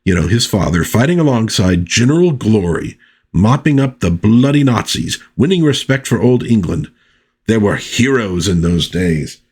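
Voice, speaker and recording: A man's voice: sits low, a little mellow. A man hosting a casual comic book review vlog, chatty and easygoing. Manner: chatty with frequent fillers and restarts.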